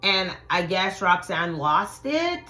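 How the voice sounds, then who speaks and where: A middle-aged woman telling a personal story to viewers in a blunt, profane way, acting out quotes with sudden loud shouts. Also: lowish voice, big pitch swings, slow pace.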